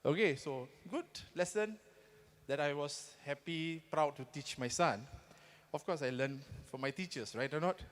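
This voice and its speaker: Singaporean guy giving a pep talk, fairly high voice, long hall echo, keeps asking "right or not". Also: a little slow. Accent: Singaporean English. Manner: rhetorical, keeps asking the audience to agree. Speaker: motivational speaker. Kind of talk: motivational stage talk. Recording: long reverb of a big hall.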